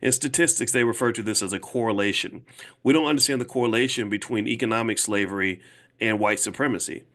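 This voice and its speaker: Emphatic man lecturing, lowish voice. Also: a bit bright. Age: 50s. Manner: emphatic, slow and repetitive for emphasis; casual, conversational, direct address. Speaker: finance educator. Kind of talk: talk to a live audience. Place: room with an audience.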